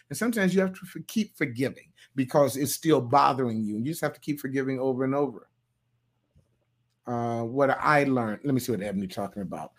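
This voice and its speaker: Folksy pastor chatting with online viewers. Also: male voice, mid-range voice, a little fast. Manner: loose, folksy, playful, with sudden loud bursts. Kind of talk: livestream sermon talk reading viewer comments.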